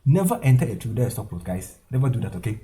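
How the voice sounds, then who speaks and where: A man's voice: mid-range voice, very animated, rapid-fire, dark tone, slight background noise. A man teaching a trading lesson over a chart, repeating his points with emphasis and tagging lines with "okay?" and "guys". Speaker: forex trading instructor. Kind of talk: screen-share trading tutorial.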